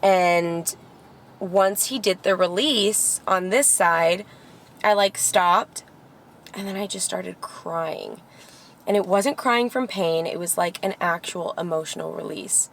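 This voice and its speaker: A woman's voice: fairly low pitch, slow, gravelly, slight background noise. A young woman vlogger telling a personal story in a candid, heartfelt way, with lots of "like" fillers. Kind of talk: casual vlog storytelling. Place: Los Angeles area.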